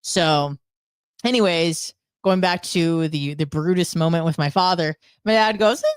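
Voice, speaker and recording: A woman with a low, smooth and resonant voice, ranting casually as a show co-host. She tells her story bluntly, with profanity and sarcasm, and the recording is close and dry. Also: measured pace, no echo. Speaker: podcast co-host.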